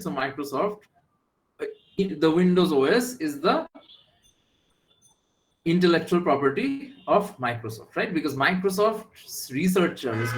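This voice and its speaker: Poor audio captures a Bangladeshi-accented man lecturing at a university, his voice medium in pitch. Alternating English with Bengali, he keeps checking whether the class is following. The room is echoey, with slight background noise.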